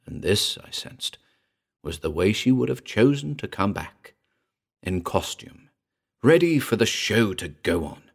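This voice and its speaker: A man narrating a ghost story in a measured, dramatic reading. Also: on the low side, sing-song, vocal fry, slightly rough. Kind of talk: scripted audiobook narration.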